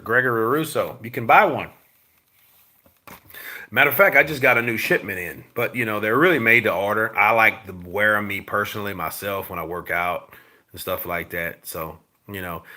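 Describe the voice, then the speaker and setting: A man hosts a casual boxing show and reads his viewers' comments aloud. He swears freely and swings from loud outbursts to low mutters. His fairly low voice sounds bright, pushed and forceful. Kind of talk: casual live-chat commentary.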